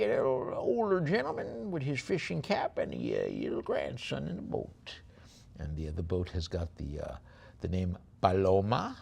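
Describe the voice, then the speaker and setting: A man's voice: deep voice, huge pitch swings, normal speed, gravelly, darkish tone, husky. A man working as an auctioneer at a live sale, describing each lot with chatty, rambling asides and then rattling off bid calls.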